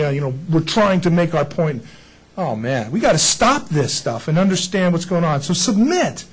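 A man's voice: sits high, breathy edge, rough recording. A male pastor preaching a casual sermon to a congregation, often putting rhetorical questions to his listeners. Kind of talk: conversational sermon.

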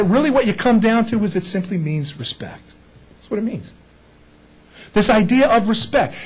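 A man's voice: very high-pitched, breathy edge, low-quality recording. A male pastor preaching a casual sermon to a congregation, often putting rhetorical questions to his listeners. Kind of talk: conversational sermon.

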